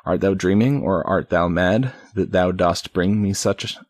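A man reading the lines of a resentful, scheming sheriff in slow old-fashioned speech, with a husky voice. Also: sits low. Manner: slow archaic storybook delivery.

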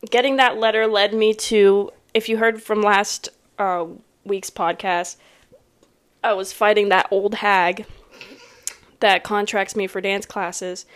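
A woman co-hosting a podcast in casual chat, with a playful, joking manner. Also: medium pitch. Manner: playful, laughing, casual banter. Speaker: podcast co-host.

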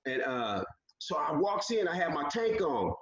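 A man tells a long story in a casual interview, acting out what people said along the way. His voice sits a bit high, and the audio is echoey and dull, like a lo-fi call recording. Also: normal speed. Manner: animated storyteller, acts out quotes. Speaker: guest.

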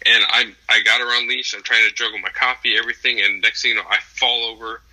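Swearing man telling a story, bright tone. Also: medium pitch, little pitch movement, fast talker, rough recording. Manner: swears often, rambling with fillers. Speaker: podcast co-host. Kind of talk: casual chat, profane storytelling.

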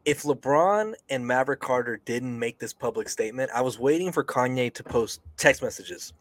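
A man's voice: medium pitch, expressive, moderate pace, a bit bright, no room sound. A young man co-hosting a casual podcast, ranting in a heated, profane way with frequent sighs. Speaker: podcast co-host.

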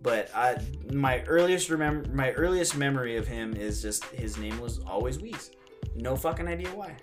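A man's voice: mid-range voice, lively intonation, normal speed, music in the background. A man in his thirties co-hosting a podcast, joking around and swearing in casual chat with friends over beers. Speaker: podcast co-host. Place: indoors, drinking beer with friends.

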